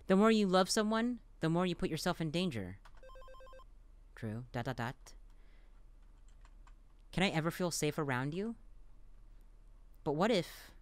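A man playing a dialogue-heavy game, reading the lines aloud and reacting between them with quick, playful asides. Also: a little high, lively intonation, clear, resonant tone. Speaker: let's play gamer.

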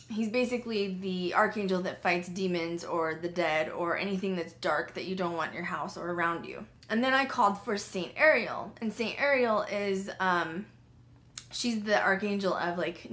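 A young woman vlog host telling a personal story in casual speech, full of "like" fillers, acting out what she said at the time. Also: mid-range voice. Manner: animated, frequent "like" fillers, acts out her own past speech.

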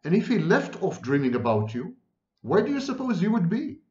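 A man's voice: high voice, huge pitch swings, normal speed, a little mellow, voice pushed up. Man voicing a smug contemptuous twin. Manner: contemptuous, triumphant. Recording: roomy, dull lo-fi sound.

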